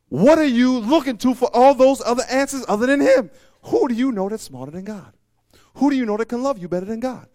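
A man preaching a sermon as pastor, emphatic and repeating phrases, swinging between loud preaching and quiet asides. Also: very high voice, dry recording.

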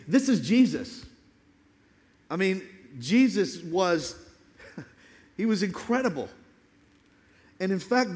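A man preaching a sermon as pastor, emphatic, sometimes dropping to a hushed low voice for dramatic lines. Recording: long hall reverb.

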